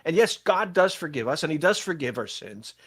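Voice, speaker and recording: An older man, a pastor and podcast host, telling stories in casual church podcast chat with animated, quick bursts. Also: on the high side, husky.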